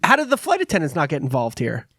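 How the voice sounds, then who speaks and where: A man's voice: on the high side, huge pitch swings, quick pace, bright, forceful tone, no room sound, studio quality. A man co-hosting a podcast, teasing his friend and joking around in casual chat. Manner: teasing, jokey. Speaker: podcast co-host.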